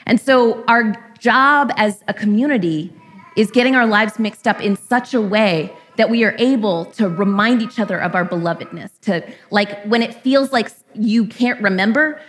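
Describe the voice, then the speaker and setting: Woman preaching a candid, casual sermon. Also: on the high side. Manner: candid and conversational, lightly irreverent. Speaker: pastor.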